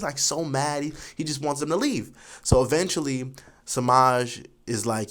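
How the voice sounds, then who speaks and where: A young man in his twenties telling a school story casually, animated and full of fillers like "you know". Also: mid-range voice, normal speed. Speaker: vlogger.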